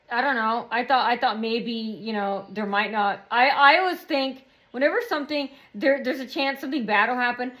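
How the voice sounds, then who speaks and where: A woman's voice: on the high side, fairly bright tone. A woman talking straight to camera in a rambling personal monologue, repeating herself and circling back to her point. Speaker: vlogger.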